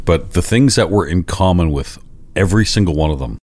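A Canadian man co-hosting a podcast in casual chat, animated and swearing as he rants. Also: deep voice, brisk. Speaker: podcast co-host.

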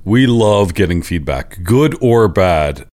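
A Canadian man co-hosting a podcast in casual chat, animated and swearing as he rants. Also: deep voice, slow pace. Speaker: podcast co-host.

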